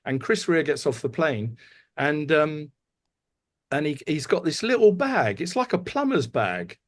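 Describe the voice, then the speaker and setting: A middle-aged man co-hosting a podcast, chatting casually and telling lively anecdotes about touring. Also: on the high side, unhurried. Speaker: podcast co-host. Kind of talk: casual chat.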